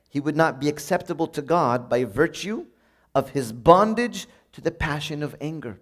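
High-voiced man preaching a sermon. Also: animated, moderate pace. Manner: conversational, acts out everyday moments in a bright upbeat voice.

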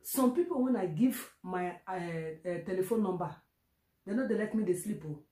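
A Nigerian woman recounts a story in a casual, animated vlog manner, with plenty of fillers and repeats. Her voice is mellow and warm. The sound carries a noticeable room echo. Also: mid-range voice, normal speed. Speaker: vlogger.

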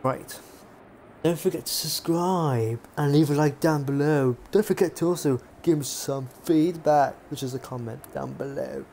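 A man's voice: a little high, normal speed, mellow, a little hiss or hum. A young man casually commenting on his gameplay as a gaming YouTuber, chatty and swearing now and then. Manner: chatty, swears, jokey asides.

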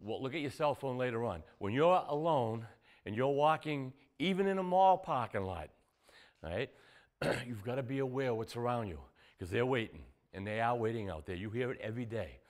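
A man's voice: animated, fairly quick. A man teaching self-defense moves in a casual, rambling way, often checking in with "all right?" as he demonstrates. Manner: loose, repetitive, says "all right?" and "boom" often. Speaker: martial arts instructor. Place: indoor studio.

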